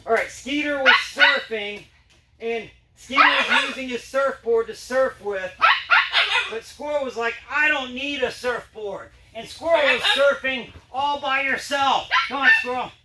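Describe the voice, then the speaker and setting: A man's voice: extremely high pitch, a little slow, pushed and bright. A man performing a dog trick show, telling a rambling story and breaking off to cue his dogs. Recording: roomy, distant mic, background noise.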